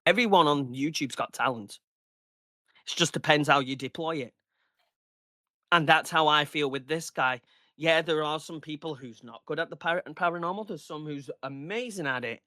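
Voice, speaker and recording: A man in his thirties rants heatedly and swears freely in a casual podcast chat. His voice sits a little high and sounds bright and forceful. The recording is dry, with no room sound around him. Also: normal speed, no echo. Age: 30s. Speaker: podcast guest.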